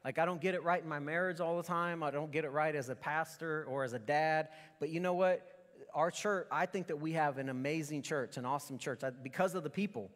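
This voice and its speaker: A man's voice: fairly high pitch, a little fast, fairly bright tone. A middle-aged male pastor preaching a casual, conversational sermon full of asides and restarts. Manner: informal, rambling asides and restarts. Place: church sanctuary. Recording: long church reverb.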